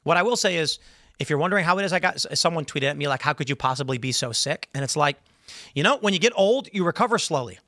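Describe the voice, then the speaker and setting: Male podcast host, late thirties, rambling chat delivery, bright and slightly high voice, dry sound. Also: fast, no echo. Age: 30s. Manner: rambling, animated, mimics AI replies. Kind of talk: casual chat reading chat questions.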